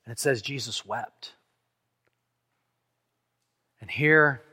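A man preaching a sermon as pastor, earnest, dropping softly on key lines and speeding through asides. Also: medium pitch, very slow, pauses often, breathy edge. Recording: long hall reverb.

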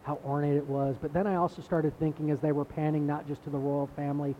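A man's voice: fairly high pitch, level tone, fast talker, muffled recording, a little hiss or hum. A man giving a sermon as pastor, in a conversational preaching style that repeats words and builds emphasis.

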